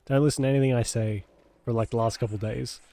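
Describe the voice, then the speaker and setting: A man's voice: medium pitch, steady tone, quick pace, mellow, dry recording. A man streaming a video game, talking casually with a nasal, congested voice from a cold, joking and swearing. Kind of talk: casual gameplay commentary.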